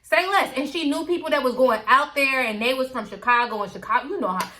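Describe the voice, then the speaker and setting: Woman vlogger, candid storytime chat; bright, slightly high voice. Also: fast, slight background noise. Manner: candid, chatty, talks straight to viewers.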